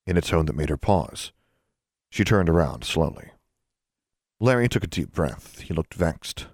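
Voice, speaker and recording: A man narrating a story aloud with expressive delivery. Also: low voice, moderate pace, gravelly, no room sound, studio quality. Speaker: audiobook narrator. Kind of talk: scripted narration.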